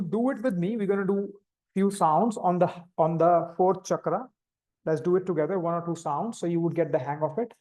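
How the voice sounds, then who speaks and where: A man with an Indian English accent giving calm, step-by-step meditation instructions to a group over a video call. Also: high-pitched. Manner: calm, step-by-step instructing, demonstrating vocal sounds. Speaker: meditation teacher. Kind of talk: live online meditation instruction.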